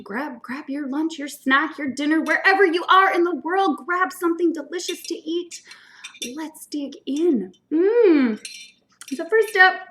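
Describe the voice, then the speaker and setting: Bubbly high-voiced woman hosting a stream. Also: a bit bright. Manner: bubbly and enthusiastic. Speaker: host. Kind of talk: casual livestream eating show chat.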